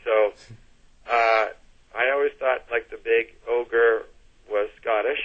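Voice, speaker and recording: A man's voice: mid-range voice, steady tone, slow, a bit bright, lo-fi sound. A middle-aged man with a Canadian accent, chatting as an interview guest and telling stories with lots of restarts and fillers. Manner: chatty storyteller, restarts and fillers, laughs easily. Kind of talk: casual interview chat.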